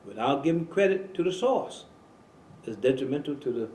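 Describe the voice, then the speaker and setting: A man's voice: mid-range voice, expressive, darkish tone, a little hiss or hum. Preaching man with an emphatic, roomy voice. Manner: preaching, slow and emphatic, repeating phrases. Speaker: imam and show host. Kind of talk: religious talk radio conversation.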